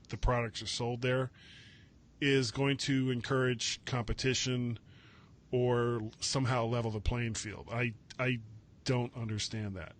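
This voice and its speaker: Rambling through a casual tech news chat, a man who hosts a podcast keeps correcting himself and adding wry asides. His voice is medium-pitched and fairly bright.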